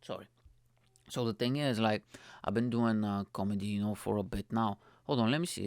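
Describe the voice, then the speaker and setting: A man's voice: fairly low pitch, a little fast, darkish tone, no room sound. A young man from Bulgaria, rambling through a casual solo podcast monologue, swearing freely and saying "mate" constantly. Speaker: comedian and podcast host.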